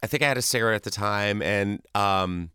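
Man guest, animated storyteller, bright, smooth voice, dry close sound. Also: fairly low pitch, a little fast, no echo. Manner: animated, acts out quotes and sounds. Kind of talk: casual storytelling.

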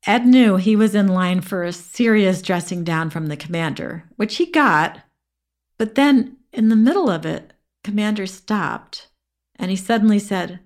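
A woman hosts a podcast, reading a true story aloud. Her voice sits a little low, and she tells it in a clear, steady way. She lightly voices the quoted lines of dialogue. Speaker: podcast host.

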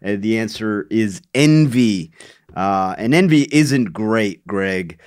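A man's voice: on the low side, lively intonation, slow pace. A man co-hosting a podcast, chatting casually and playfully, laughing often and going off on joking tangents. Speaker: podcast co-host. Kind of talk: casual comedic banter.

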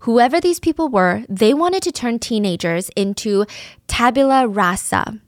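A woman's voice: fairly high pitch, no echo, clean studio sound. A woman narrating a true crime story in a casual, vivid, conversational way, sometimes dropping to a whisper.

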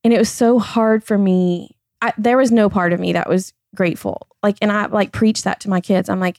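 A woman's voice: mid-range voice, fairly even intonation, normal speed, hardly any pauses, a little mellow, no echo. Candid woman, dry close mic. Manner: earnest, heavy on "like" and "I feel like". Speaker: podcast guest. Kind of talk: candid personal conversation.

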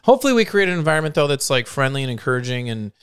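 Male podcast co-host, smooth voice, casual and filler-heavy. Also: medium pitch, sing-song, rapid-fire, no echo, clean studio sound. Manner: loose, joking, filler-heavy.

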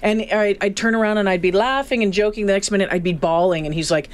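A woman's voice: mid-range voice, fast, few pauses. A woman co-hosting a radio talk show, chatting casually and reading out survey figures. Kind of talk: casual on-air chat.

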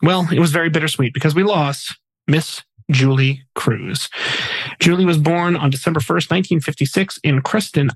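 A man hosts a casual podcast, reading through notable deaths in a relaxed, chatty way with small jokes. His voice sits a bit high for a man. The sound is close and dry. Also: dry recording, rough recording. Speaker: podcast host. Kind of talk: casual chat, reading a memorial segment.

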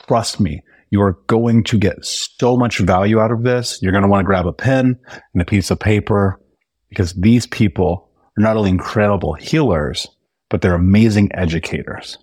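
A podcast host with a fairly low voice introduces the episode. He talks to the listener in a friendly, direct way. The sound is dry and close. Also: normal speed, a little mellow, husky, dry recording.

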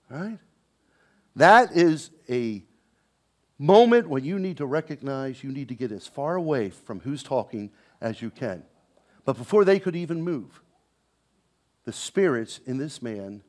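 A man preaching a sermon, swinging between loud proclamation and hushed, intense passages, with conversational asides and repeated words. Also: mid-range voice. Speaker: pastor.

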